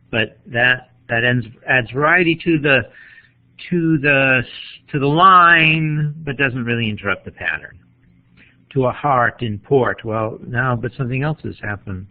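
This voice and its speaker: A man gives a measured literature lecture, explaining step by step and pausing to collect his thoughts. His voice sits at an ordinary middle pitch. The recording is thin and tinny, like a phone line. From New England. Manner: measured, explanatory, pauses to think. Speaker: literature teacher.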